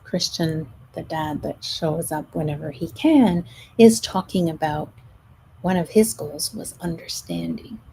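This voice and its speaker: A middle-aged woman coaching her listeners in a slow, unhurried way, her voice low, gravelly and mellow. She speaks gently and now and then sinks almost to a whisper. A faint hiss sits behind her. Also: lively intonation, poor audio. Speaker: stress management coach. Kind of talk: live show monologue.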